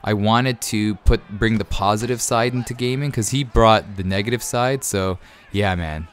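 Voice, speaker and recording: A man in his thirties answering viewer questions in a rambling, easily excited way with many fillers. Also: on the low side, moderate pace, slight background noise. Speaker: YouTube gaming creator. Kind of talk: casual Q&A over gameplay.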